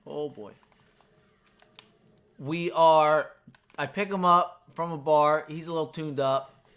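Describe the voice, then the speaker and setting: A man's voice: a little high, steady tone, slow, fairly bright tone. An American man chatting in a rambling, filler-heavy way while playing a video game. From United States. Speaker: gaming streamer.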